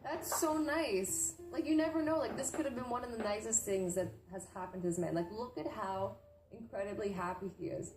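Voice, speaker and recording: A young woman chatters through a casual reaction video, gushing and scattering "like" between restarts. Her voice sits mid-pitch and sounds roomy, with a faint hum of background noise. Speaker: YouTuber reacting to wholesome posts.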